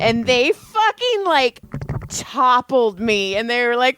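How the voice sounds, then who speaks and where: A woman co-hosting a podcast, telling a story in casual chat, animated and swearing, acting out quotes. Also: fairly high pitch, takes it slowly, slight background noise. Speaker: podcast co-host.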